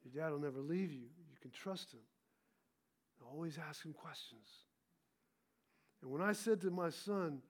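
Male pastor, high voice, storytelling sermon with call-and-response. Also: moderate pace, long pauses. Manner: storytelling, calls for congregation responses.

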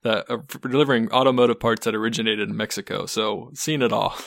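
A man's voice: on the low side, steady tone, fast talker, gravelly, fairly bright tone, no room sound, clean studio sound. A man who flies cargo planes and hosts a podcast, chatting casually and laughing often. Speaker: podcast host and cargo pilot. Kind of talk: casual conversation.

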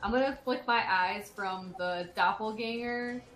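A woman's voice: mid-range voice, measured pace, a bit bright, echoey room, soft background music. A woman playing in a tabletop game, chatting casually in a bubbly way as she describes her character's actions. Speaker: player.

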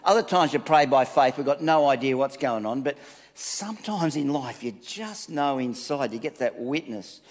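A man's voice: medium pitch, moderate pace. Man preaching in a reverberant hall. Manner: conversational, animated storytelling with asides. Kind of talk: sermon with Bible reading.

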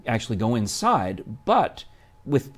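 A man's voice: medium pitch, wildly swooping pitch, measured pace, slightly rough. A male co-host chatting casually on a live show. He rambles, backs up and restarts his sentences as he talks.

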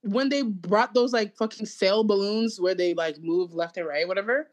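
A woman's voice: medium pitch, normal speed. A young woman, chatting casually and ranting with mocking, profane humor and quoted asides. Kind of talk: casual chat.

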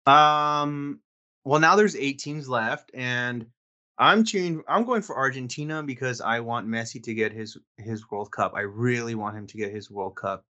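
Male co-host, bright forceful tone, laid-back chatty delivery. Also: mid-range voice, normal speed, muffled recording. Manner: laid-back, chatty, says dude and um often. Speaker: podcast co-host. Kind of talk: casual chat.

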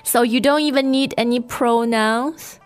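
A woman leads a podcast language lesson at an unhurried pace. She models each word carefully and repeats it so the listener can follow. Soft music sits faintly behind her. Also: fairly high pitch, steady tone. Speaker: language teacher.

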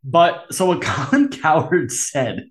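A man with a voice pitched a little above the usual talks sports on a podcast. He rambles through his takes, trips over restarts and teases his co-host with calm deadpan jabs before breaking into laughter. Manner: rambling, teasing, quick to laugh. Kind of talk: casual sports chat. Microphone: camera-facing podcast mic.

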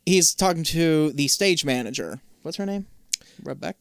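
Guy on a podcast retelling an episode, smooth clean voice, dry close mic, swears a lot. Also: a little high, lively intonation, normal speed, no room sound. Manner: rambling storyteller, swears freely, loses names mid-recap. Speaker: podcast co-host recapping an episode. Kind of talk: casual profane podcast chat.

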